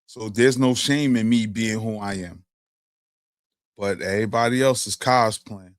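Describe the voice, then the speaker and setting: A man's voice: on the low side, unhurried, no echo. Streetwise New man, dry sound. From Brooklyn, New York. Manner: animated storyteller, streetwise slang. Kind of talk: casual discussion.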